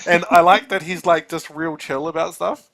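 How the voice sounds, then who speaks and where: Animated man, chatty podcast co-host. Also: a little high, moderate pace, creaky. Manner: animated, acts out quotes with laughing asides. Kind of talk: casual chat.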